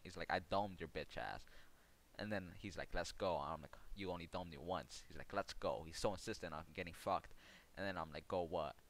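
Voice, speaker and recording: Young man, deep voice, sarcastic profane gaming rant, mocking storytelling. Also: a bit bright. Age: young adult. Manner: sarcastic, swears constantly. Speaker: streamer.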